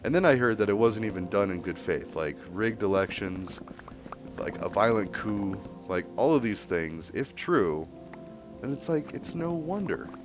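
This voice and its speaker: A man's voice: lowish voice, animated, unhurried. A man ranting in a casual, rambling way, heated and packed with fillers and restarts. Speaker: streamer. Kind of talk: casual rambling opinion rant. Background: music.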